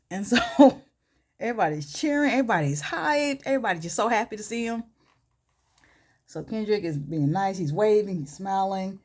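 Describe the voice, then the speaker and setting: A woman's voice: medium pitch, lively intonation, unhurried, pauses often, darkish tone. A woman beauty vlogger telling a story in a casual, chatty way, with lots of quoting.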